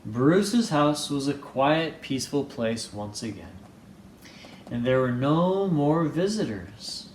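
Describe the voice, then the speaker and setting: A man reads a children's picture book aloud at a relaxed, slow pace, his voice rising and falling playfully. His pitch sits a touch high for a man. The room is echoey, with a faint hum behind him. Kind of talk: storybook read-aloud with voices.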